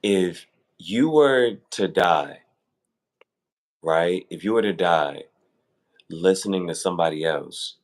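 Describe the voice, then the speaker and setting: Animated man telling stories casually. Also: deep voice, slow, pauses often. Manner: animated storytelling, acting out quoted voices. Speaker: guest on fashion talk show. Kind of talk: casual conversation.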